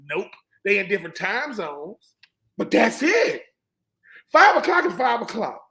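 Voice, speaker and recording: High-voiced, emphatic male ex-player on a sports panel. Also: big pitch swings, unhurried, vocal fry, bright, forceful tone, poor audio. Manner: emphatic, preachy, acts out quotes of coaches and players. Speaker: former college football player, panel guest. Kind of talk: animated sports talk, storytelling.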